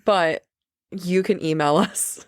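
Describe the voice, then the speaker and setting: A woman's voice: on the low side, fairly even intonation, slow pace, dry recording, studio quality. A woman co-hosting a book podcast in casual chat, with jokey, self-deprecating asides.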